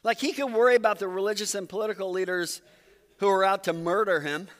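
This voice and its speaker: A man's voice: high voice, quick pace, fairly bright tone. A man preaching a sermon as pastor, telling the story in a conversational, earnest way. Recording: long reverb from a hall.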